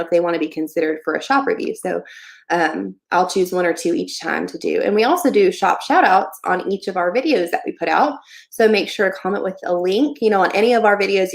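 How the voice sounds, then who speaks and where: A woman's voice: mid-range voice, gravelly. Chatty young woman hosting a livestream. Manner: chatty, friendly, many fillers like "um" and "like". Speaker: livestream host giving online shop advice. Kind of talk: casual livestream Q&A.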